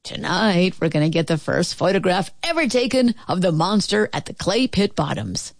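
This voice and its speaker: A woman's voice: fairly low pitch, sing-song, normal speed, gravelly, dry recording, studio quality, heavily acted. Woman reading as a jovial teasing dad. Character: cheerful playful father, middle-aged man.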